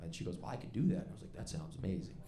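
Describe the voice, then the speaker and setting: A man doing stand-up storytelling on stage, animated and laughing along as he acts out the voices in his story. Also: low-pitched, racing, gravelly. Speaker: stand-up comedian. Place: comedy club stage before a live audience. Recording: stage mic with loud crowd laughter.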